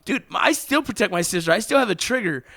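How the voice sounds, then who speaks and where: A man co-hosting a podcast, telling profane stories in an animated, casual way. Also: high voice, fast talker, no echo, clean studio sound. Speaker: podcast co-host. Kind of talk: casual bar-style storytelling.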